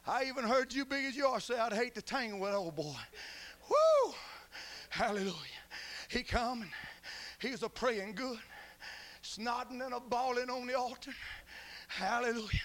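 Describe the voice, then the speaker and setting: A middle-aged man preaching a fervent revival sermon as pastor, shouting and crying out hallelujah. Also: extremely high pitch, lively intonation, normal speed, pauses often.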